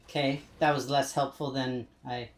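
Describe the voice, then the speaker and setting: A man's voice: medium pitch, flat delivery, normal speed, roomy sound, rough recording. A man streaming a video game live, talking through it in a chatty, rambling, self-deprecating way and now and then trying out playful put-on accents. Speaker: gaming streamer. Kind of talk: live-streamed gameplay commentary.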